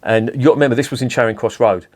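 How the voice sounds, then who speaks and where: A middle-aged man talks through a beer review at a mid-range pitch. He rambles, restarts his sentences and drops swear words in as he goes. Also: steady tone, quick pace, a little mellow. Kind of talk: casual rambling monologue.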